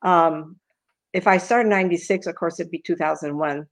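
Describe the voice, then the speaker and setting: An older woman in a casual chat, once a cemetery tour guide, explaining things plainly with lively interjections. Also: fairly low pitch, normal speed.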